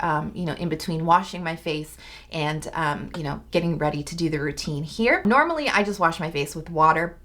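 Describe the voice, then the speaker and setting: A woman's voice: on the low side, fairly bright tone. Chatty young woman vlogging skincare. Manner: bubbly, rambling, lots of fillers. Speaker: beauty vlogger. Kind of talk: chatty skincare routine vlog. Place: home, indoors.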